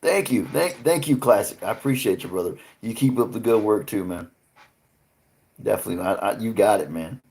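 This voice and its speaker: His fairly low voice is expressive and brisk, gravelly yet a little mellow. As host of an informal livestream, he banters loosely with viewers, swearing liberally and breaking into laughter often.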